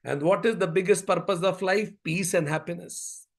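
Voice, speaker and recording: A man giving a spiritual yoga talk at a symposium, telling stories and repeating key phrases deliberately. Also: high-pitched. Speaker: yoga speaker.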